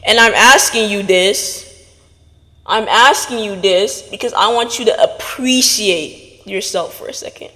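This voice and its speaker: A woman's voice: mid-range voice, measured pace, pushed and bright, big-room sound. A woman hosting a podcast, giving an earnest motivational talk straight to her listeners. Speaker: podcast host.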